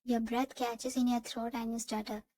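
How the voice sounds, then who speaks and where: A woman reading second-person fan fiction narration in an even, steady way. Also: on the high side, moderate pace, low-quality recording.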